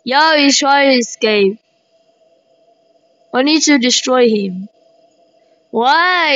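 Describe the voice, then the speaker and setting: A woman giving excited gameplay commentary, shrieking exclamations and repeating herself. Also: high-pitched, takes it slowly, pauses often, no echo. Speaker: gaming commentator. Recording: dry, dull lo-fi mic.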